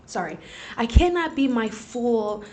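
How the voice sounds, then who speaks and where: A young woman hosting a casual podcast, telling a story in a lively, joking way, swearing and laughing as she talks to her viewers. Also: fairly high pitch, measured pace. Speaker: podcast host. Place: library study room.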